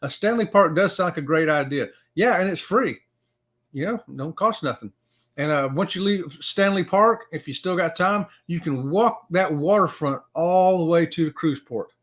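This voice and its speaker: A middle-aged man, chatting on a live stream in a fairly high voice. His pitch swings widely as he rambles with fillers. He greets viewers by name. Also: fairly bright tone. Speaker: live-stream show host. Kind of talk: casual live-stream chat.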